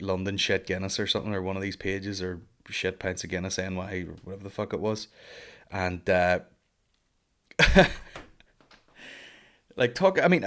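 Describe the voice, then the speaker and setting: A comedian rambling through a casual podcast monologue, his voice sitting fairly low. He swears freely, piles on jokes and now and then jumps into loud, high mocking voices for bits. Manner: profane, rambling, jokey. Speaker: podcast host, stand-up comedian.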